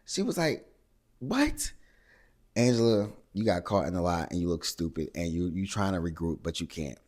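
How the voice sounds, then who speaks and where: Casual male recap host, deep low voice, animated and chatty. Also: brisk. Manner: animated, acts out cast members' lines in higher voices.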